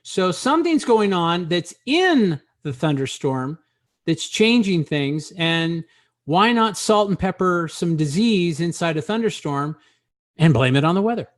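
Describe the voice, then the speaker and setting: A man's voice: high-pitched, sing-song, measured pace, no room sound. A man hosting a casual talk show, joking and rambling with many hesitations. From Arizona. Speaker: host.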